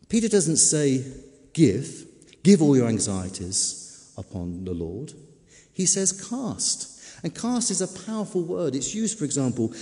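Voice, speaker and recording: A man preaching a sermon, emphatic, slowing down and repeating key words for stress. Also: a little high, dark tone. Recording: long reverb of a large hall.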